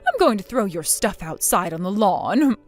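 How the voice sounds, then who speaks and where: A synthetic woman's voice playing a spiteful, bossy older mother-in-law in a text-chat story, scolding with contempt and a lively pitch. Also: moderate pace, soft background music. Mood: scornful.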